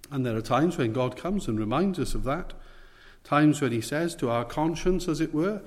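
A man preaching a sermon, earnest and emphatic, slowing down on the words he wants to stress. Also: fairly high pitch, animated. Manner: earnest, emphatic, slows for weight. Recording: long hall reverb.

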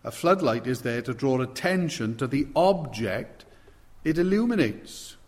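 A man's voice: medium pitch, expressive, unhurried. A man preaching an expository sermon, stressing key words with sudden swells in volume. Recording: long hall reverb.

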